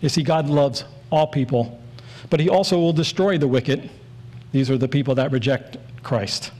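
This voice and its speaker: A man's voice: medium pitch, normal speed, darkish tone. A man in his forties preaching a sermon in an earnest, storytelling way, leaning on repeated phrases.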